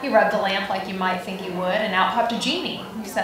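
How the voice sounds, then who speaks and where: A woman's voice: medium pitch, fairly quick. A woman casually telling a long joke story to a room. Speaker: amateur joke teller. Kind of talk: storytelling a shaggy-dog joke. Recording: echoey room from far off, crowd behind.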